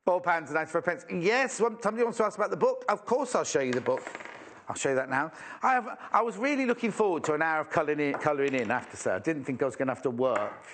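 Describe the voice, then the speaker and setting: A man's voice: a little high, lively intonation, fast talker, fairly bright tone, slight background noise. A man from England presenting a live sewing shopping show, chatty and enthusiastic with self-mocking asides. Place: TV studio.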